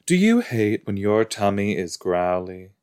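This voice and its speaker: A man's voice: lowish voice, big pitch swings, unhurried, darkish tone, clean tone. A man hosting a podcast, chatting casually while watching a TV episode, rambling with lots of "like" and "you know". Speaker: podcast host. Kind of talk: casual watch-along commentary.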